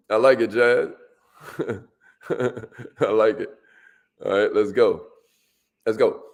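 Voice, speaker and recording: A man giving a motivational workshop talk with plenty of energy. He repeats key lines for emphasis and keeps calling out to his listeners for answers. His voice sits at a middling pitch, and his delivery is casual and loose. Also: steady tone, drawn-out words, long pauses. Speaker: motivational speaker.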